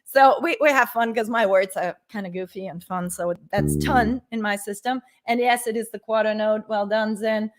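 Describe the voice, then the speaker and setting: Woman bass teacher, casual livestream lesson, mid-pitched and laughs often, soft instrument in the background. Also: normal speed, few pauses, soft background music. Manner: chatty, informal, laughs easily. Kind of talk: live-streamed music lesson.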